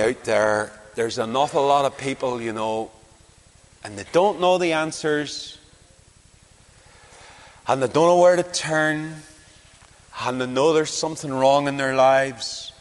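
A man from Northern Ireland with a Northern Irish accent, preaching a sermon and telling stories from his own encounters. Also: mid-range voice. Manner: storytelling with anecdotes, animated swings. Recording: long reverb in a hall.

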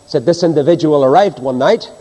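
A man's voice: fairly high pitch, fast, dark tone. A man preaching a sermon, asking the congregation rhetorical questions. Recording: long hall reverb.

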